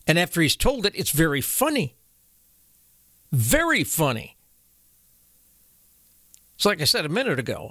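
A male commentary host delivers his opinions bluntly and emphatically. His voice sits fairly high and swings widely in pitch. The recording is close and dry, with no room sound. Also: a bit bright, dry recording.

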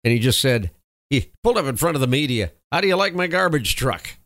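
A man's voice: medium pitch, very animated, a little fast, fairly bright tone, dry recording, studio quality. A man hosting a political talk radio show in an emphatic, opinionated way.

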